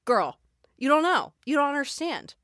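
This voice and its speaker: A woman's voice: sits high, very animated, moderate pace, a bit bright, no echo, clean studio sound. Gushing woman podcast guest. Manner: gushing, emphatic, swears freely. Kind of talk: casual chat.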